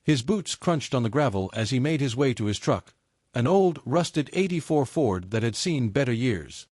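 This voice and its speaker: Guy narrating a story, lively up and down delivery, measured, dry close sound. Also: medium pitch, husky, no echo.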